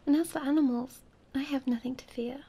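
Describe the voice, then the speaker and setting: A woman voicing a proud, delicate female flower in a soft, whispered role-play. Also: sits high, steady tone, brisk. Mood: tender.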